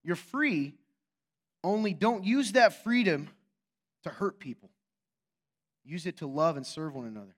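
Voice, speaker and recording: A male pastor preaching a sermon in an animated, joking way, teasing his congregation and asking rhetorical questions. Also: on the high side. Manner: quick, emphatic, asks rhetorical questions.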